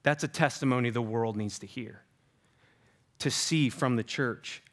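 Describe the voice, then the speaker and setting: A man's voice: medium pitch, unhurried, fairly bright tone. A man preaching a sermon as pastor, talking conversationally with many fillers and restarts.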